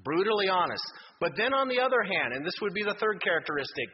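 A man's voice: high-pitched, big pitch swings, quick pace, slightly rough. A man preaching a sermon as a pastor, telling stories and rising to emphatic exhortation. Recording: muffled hall reverb, faint noise.

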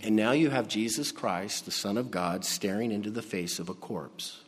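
A man preaching a sermon, slow and emphatic, dropping to a hush on key words, in a church sanctuary. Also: lowish voice, breathy edge. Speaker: pastor. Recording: long hall reverb.

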